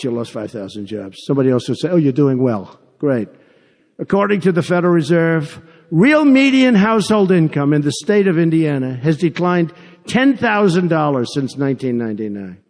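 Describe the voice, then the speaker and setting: A man's voice: a little high, very animated, moderate pace, a little mellow. An older man delivering a rambling, repetitive rally speech to a crowd, with mocking asides. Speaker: political candidate at a rally. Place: large arena with a crowd. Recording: long hall reverb from a PA.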